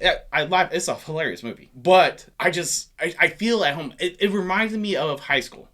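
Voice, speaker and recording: A man's voice: fairly high pitch, lively intonation, moderate pace, few pauses, pushed and bright. A man in his thirties co-hosting a casual movie chat, profane and teasing. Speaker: co-host.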